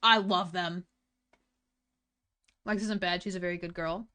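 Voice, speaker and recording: A woman's voice: fairly low pitch, steady tone, a little slow, pushed and bright. A young woman streamer chatting casually with her viewers, blunt and full of swearing. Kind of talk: casual chat stream, reading chat.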